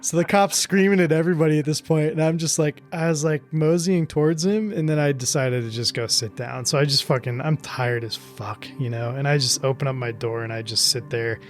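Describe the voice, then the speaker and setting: A man's voice: a little high, a little fast, few pauses, faint music behind. A man hosting a podcast, telling stories in a laid-back, profane way and laughing often. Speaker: podcast host. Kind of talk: casual conversation, storytelling.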